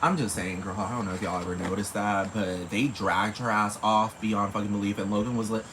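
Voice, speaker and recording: A man's voice: fairly low pitch, fairly even intonation, brisk, background noise. A man hosting a solo podcast, rambling in casual, profane commentary and asking again and again whether the listener knows what he means. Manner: rambling, profane, repeats "you know what I'm talking about". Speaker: podcast host.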